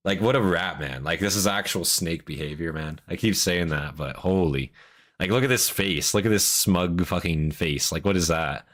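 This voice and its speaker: Man, deep voice, casual reaction commentary, rambling, excitable, profane. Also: normal speed. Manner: excitable, swears freely, rambling with restarts. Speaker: reaction streamer.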